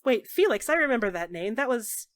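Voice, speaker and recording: A quiet, self-deprecating man with a flat, wry delivery, as a woman game master puts him on. Close, dry recording. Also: fairly high pitch, brisk, dry recording. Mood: subdued. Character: reserved, self-deprecating male former healer.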